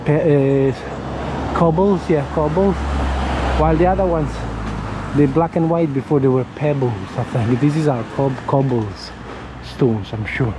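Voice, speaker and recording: A man's voice: on the high side, unhurried. A man walking and filming a vlog, rambling in a friendly, chatty way as he points things out. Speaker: vlogger. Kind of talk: casual walking commentary. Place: outdoors on residential streets. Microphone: handheld camera while walking. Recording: street noise with passing traffic.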